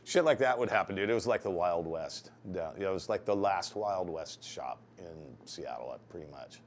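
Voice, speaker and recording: Tattoo artist, male, very low voice, casual profane raconteur who gets animated retelling dialogue. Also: normal speed, slight background noise. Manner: heavily profane, rambling anecdotes; animated when acting out dialogue. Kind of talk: casual storytelling interview.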